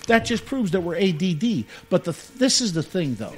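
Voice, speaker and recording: A man's voice: high voice, big pitch swings, moderate pace. A man co-hosting a radio show, chatting casually in a rambling, joking way and often saying "man". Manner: rambling, jokey, says "man" a lot. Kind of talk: casual chat.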